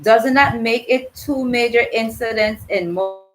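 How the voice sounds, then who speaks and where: A woman reads as a Crucian woman shaken by grief, her Crucian accent plain. She speaks in an earnest, unhurried way. The lines come at a slow, measured pace. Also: fairly high pitch, over music, lightly acted, rough recording. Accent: Virgin Islands Crucian. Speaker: reader voicing a dialogue character. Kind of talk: dramatic reading of a dialogue.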